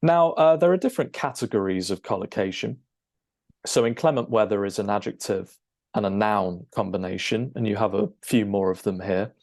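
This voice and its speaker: A man, an English teacher, explaining a lesson over a shared screen, checking in with "okay?" and filling pauses with "um". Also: on the low side, a little mellow. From United Kingdom. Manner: explanatory, frequent "okay?" check-ins and "um" fillers.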